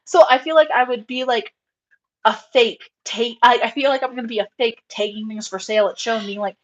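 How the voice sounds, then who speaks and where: A young adult woman chatting casually on a live show, rambling and animated, with plenty of fillers and acted-out quotes. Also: fairly high pitch, fairly quick, lo-fi sound. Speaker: rabbit breeder on a live show. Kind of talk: casual chat.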